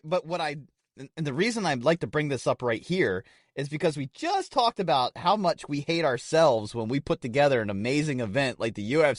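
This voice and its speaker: A man's voice: medium pitch, dry recording, clean studio sound. A man from the United States co-hosting a podcast in casual chat, earnest and laughing often as he makes his point. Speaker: podcast co-host.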